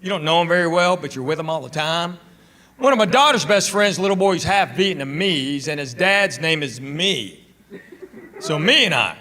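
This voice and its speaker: A middle-aged man performing stand-up comedy, telling family stories in a deadpan way with pauses before punchlines. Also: on the high side, slight background noise. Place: comedy club stage. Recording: live stage audio with audience laughter. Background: audience laughter.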